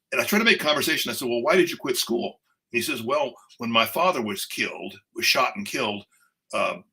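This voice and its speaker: Older guy poet telling stories, bright voice, lots of uhs and restarts. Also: medium pitch, poor audio. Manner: animated, many fillers and restarts. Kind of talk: conversational storytelling.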